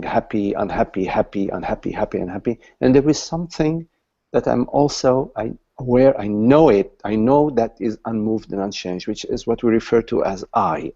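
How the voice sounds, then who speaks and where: A man leading a satsang, explaining patiently and haltingly to a questioner, with many restarts. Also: fairly low pitch, creaky, dark tone, highs cut off. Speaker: satsang teacher. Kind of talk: spiritual dialogue with a questioner.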